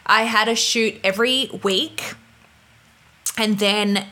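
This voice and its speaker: A woman's voice: mid-range voice, slow pace. A young woman vlogger telling stories casually and with energy, laughing often and acting out the people in them, over a humming laptop. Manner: animated, laughing, acts out voices in stories. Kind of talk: casual storytelling to camera. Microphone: laptop mic. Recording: laptop fan humming behind.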